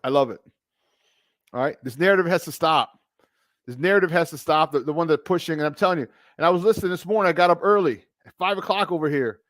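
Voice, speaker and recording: A middle-aged man hosting a live sports talk stream, animated and emphatic, repeating his points and greeting viewers by name. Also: a little high, fast, no echo, studio quality. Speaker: sports talk show host.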